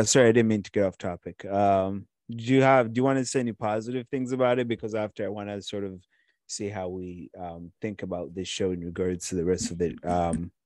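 A man co-hosting a podcast, chatting casually and wandering through his points with plenty of fillers. His voice sits fairly low, and it sounds dry and close to the mic. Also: darkish tone, dry recording. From Watertown, Massachusetts. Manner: rambling, many fillers and restarts. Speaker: podcast co-host. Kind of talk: casual chat.

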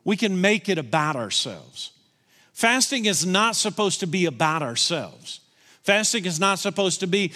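A man preaching a sermon as pastor, slowing down to voice emphatic prayers to God. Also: high-pitched, big pitch swings, pushed and bright. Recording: reverberant church hall.

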